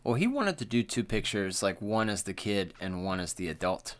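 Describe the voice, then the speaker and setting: A young man co-hosts a podcast, chatting casually in an animated, profane way and acting out the lines he quotes. His voice is fairly low in pitch, and he talks at a moderate pace.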